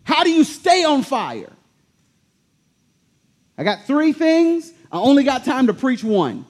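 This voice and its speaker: A man preaching a sermon to a congregation, telling the story animatedly and repeating key words with slow emphasis. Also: very high voice, very animated. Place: church in front of a congregation.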